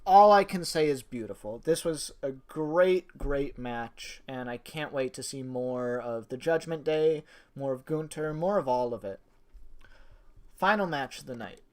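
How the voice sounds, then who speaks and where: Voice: medium pitch, a little slow. Casual spoken review, gushing tone, rambling delivery, fillers, casual swearing. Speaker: wrestling reviewer.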